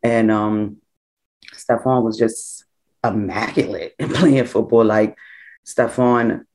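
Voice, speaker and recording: A woman's voice: rumbling low, takes it slowly, a little hiss or hum. New mother telling her story. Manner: conversational, full of "like", lively when quoting others. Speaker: interviewee, mother. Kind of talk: personal storytelling in an interview.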